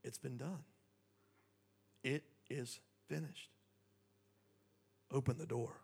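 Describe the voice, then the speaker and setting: A man preaching a sermon, talking conversationally, dropping soft and then building up. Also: medium pitch, steady tone, takes it slowly, vocal fry, slightly rough. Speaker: pastor.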